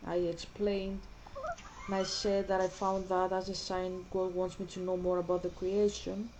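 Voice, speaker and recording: A woman talking casually to camera in a vlog, halting and searching for words as she explains herself. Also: fairly low pitch, little pitch movement, a little mellow, a little hiss or hum, rough recording. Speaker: vlogger.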